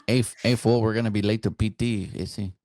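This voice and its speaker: A man's voice: lowish voice, fairly even intonation, quick pace, darkish tone, no room sound, studio quality, close to an everyday voice. A man voicing a tough, street-talking young man in clipped slang. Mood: swaggering.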